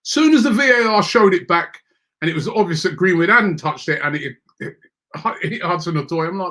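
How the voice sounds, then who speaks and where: A man's voice: high voice, animated, brisk, pushed and bright. Exasperated man ranting about football. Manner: exasperated, repeats words when worked up. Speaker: football fan show host reading viewer comments. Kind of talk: animated casual rant.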